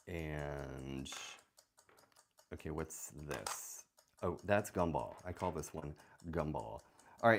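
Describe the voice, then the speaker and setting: A woman's voice: extremely low pitch, slight background noise. A woman hosting a puzzle livestream, chatting casually and playfully, joking at her own expense and reading the chat aloud. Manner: playful, self-mocking, reads chat aloud.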